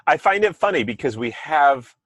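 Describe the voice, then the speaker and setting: A man's voice: a little high, sing-song, normal speed, fairly bright tone, dry recording. A man hosting a podcast in casual chat, talking loosely with asides and restarts over a remote call microphone. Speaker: podcast host.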